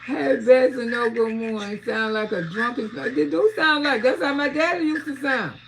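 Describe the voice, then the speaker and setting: A woman hosting a live stream, talking casually and trash-talking loudly, with frequent laughter. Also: high voice, normal speed, gravelly.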